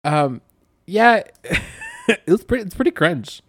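A young man co-hosting a podcast and telling a long story in a relaxed, rambling way. His pitch rises and falls a lot, and he leans on fillers. The recording is dry and close, with almost no room sound. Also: slow, breathy edge, dry recording. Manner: animated, rambling with many fillers. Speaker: podcast co-host. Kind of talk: casual chat, storytelling.

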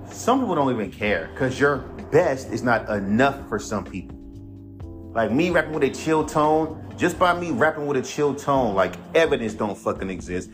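A man's voice: medium pitch, expressive, moderate pace, music in the background. A man hosting his own podcast, a rapper ranting in a laid-back, rambling, profane way. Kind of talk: casual monologue.

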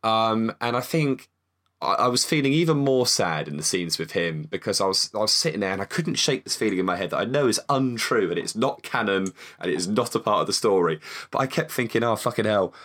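Chatty, lower-voiced man. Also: lively intonation, brisk, a bit bright. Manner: chatty, swears casually, stumbles and repeats words. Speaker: film review podcast co-host. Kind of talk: casual chat.

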